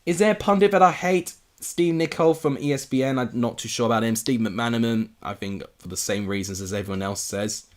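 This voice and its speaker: A young English man with a mid-range voice talks a little fast with hardly any pauses. He's hosting a live football watchalong, chatting casually and responding to viewer comments.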